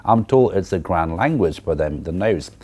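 A man's voice: sits low, expressive, normal speed, darkish tone, husky. A man reading aloud the lines of a humble, deferential old Irish milk woman.

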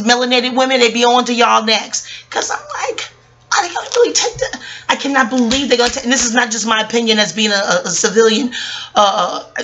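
A vlogger in her forties delivers a passionate, profane commentary rant, rambling between jokes and asides. Her voice is fairly high in pitch with a fairly bright tone.

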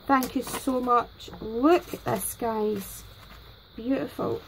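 A Scottish woman hosting a crafting vlog, gushing excitedly and a bit nervously over gifts. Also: on the high side, slow pace, creaky, slight background noise, poor audio. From Scotland. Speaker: crafting channel host. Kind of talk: casual unboxing vlog.

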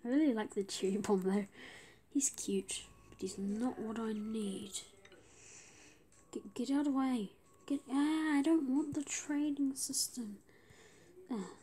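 A woman giving gameplay commentary, often dropping to a whisper and breaking into excited bursts. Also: fairly high pitch, measured pace, pauses often, a little hiss or hum. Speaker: gamer.

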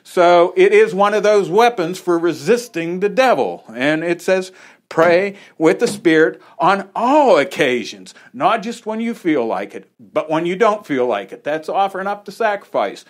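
A man's voice: high-pitched, very animated, measured pace. A man preaching an informal, conversational sermon in a small church, with folksy asides. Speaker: pastor.

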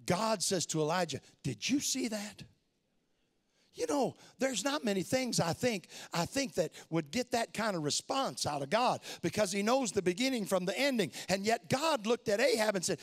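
A middle-aged man preaching a sermon, dropping to hushed asides and then shouting for emphasis, repeating phrases to drive them home. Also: high-pitched, sing-song, normal speed.

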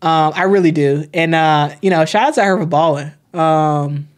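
A woman's voice: low voice, normal speed. A young woman hosting a sports live stream, chatting casually, reading chat comments aloud, often repeating herself with plenty of fillers.

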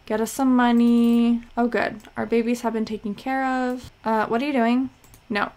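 A young woman's slightly high voice runs a loose, chatty commentary over her gameplay. She jumps from task to task and scolds her game characters as she goes. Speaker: let's play host.

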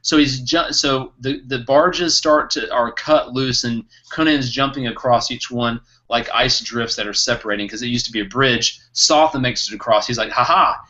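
Excitable man with a bright, forceful voice. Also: medium pitch, moderate pace, hardly any pauses. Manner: excitable, animated retelling with laughter. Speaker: podcast co-host. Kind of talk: casual book discussion. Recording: muffled lo-fi recording.

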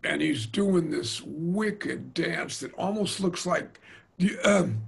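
An older man, a jazz drummer, telling stories in a casual interview with lively, slangy delivery. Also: on the high side, slow pace. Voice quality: gravelly, husky. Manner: animated storyteller, slangy and hip, mimics voices.

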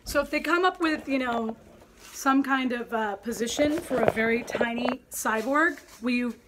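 A woman's voice: on the high side, moderate pace, very noisy. A woman from Philadelphia hosting a travel vlog, chatting playfully and joking. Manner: playful, jokey and upbeat. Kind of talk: casual travel chat.

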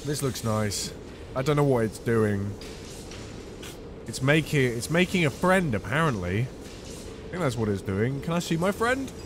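A man commentating a horror game playthrough, swinging from quiet muttering to panicked shouts. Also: mid-range voice, very animated, a little slow, pauses often, noisy background. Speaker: gaming video host.

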